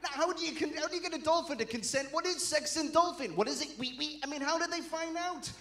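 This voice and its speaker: A man's voice: very high voice, pushed and bright. A man with a Geordie accent doing a brash, bawdy stand-up routine on a showcase stage. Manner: brash, bawdy, quick punchlines. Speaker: stand-up comedian. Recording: echoey venue.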